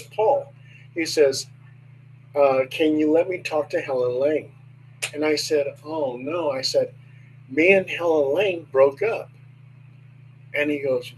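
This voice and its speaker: An older man, a guest, slowly recounting a personal story in a hesitant way with many pauses. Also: fairly high pitch, slight background noise, poor audio. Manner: slow, hesitant with many ums. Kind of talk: storytelling in casual conversation.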